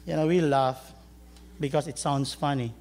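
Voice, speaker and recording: A man's voice: a little high, steady tone, normal speed, darkish tone, a little hiss or hum. A man preaching a sermon, telling a story and joking with his congregation. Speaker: pastor.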